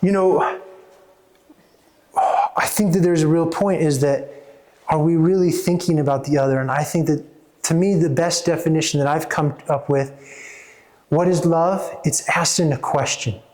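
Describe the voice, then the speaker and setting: A man, a therapist and coach, speaking earnestly to a small audience, halting with many restarts. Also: a little high, steady tone, darkish tone.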